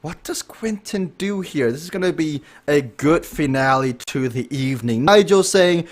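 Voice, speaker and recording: A fairly high-voiced man calls a live esports race with a lively, chatty delivery. He reacts fast to the action and banters with the viewers in the chat. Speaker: race commentator and stream host.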